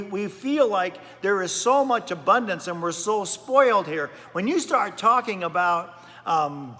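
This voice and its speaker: A man's voice: high-pitched, sharp tone, in a large hall. A man pastor preaching a sermon in a chatty storytelling way, often repeating words as he goes. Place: church.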